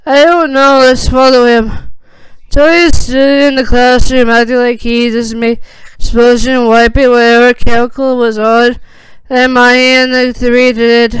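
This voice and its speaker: Female narrator for fan fiction reading; slow, level, slightly halting delivery. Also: a little high, flat delivery, clean tone, no room sound, low-quality recording.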